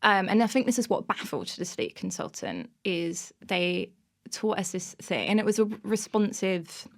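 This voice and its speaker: Woman, 30s, podcast guest; lively, expressive delivery, full of laughs. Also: mid-range voice, moderate pace, gravelly. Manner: animated storytelling, bursts of laughter. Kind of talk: casual interview chat.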